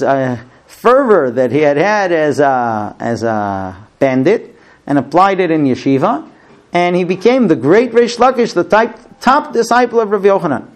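A man teaching a Torah lesson, telling the story with lively, dramatic delivery. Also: high-pitched. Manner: animated, dramatic storytelling with fillers.

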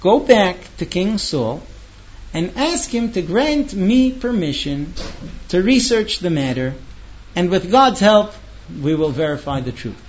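A man voicing a kind, confident young shepherd who speaks gently and assuredly in a told story. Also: sits high, very animated, measured pace, a little hiss or hum. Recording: dull lo-fi recording.

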